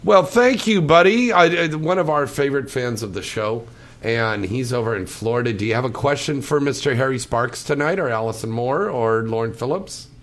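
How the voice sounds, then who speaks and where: A man hosting a late-night call-in radio show, greeting callers loudly and joking with his guests. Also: medium pitch, animated, normal speed.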